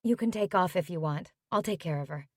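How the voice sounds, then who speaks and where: A woman reading an audiobook, voicing a caring woman who speaks gently and reassuringly to a friend. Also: fairly low pitch, brisk, no echo, clean studio sound, close to an everyday voice. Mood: gentle.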